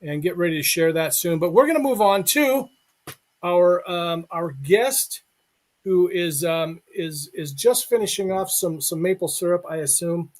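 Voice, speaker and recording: High-voiced joking male host. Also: a little slow, darkish tone. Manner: joking, reads intro aloud. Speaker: show host. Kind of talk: live online show banter.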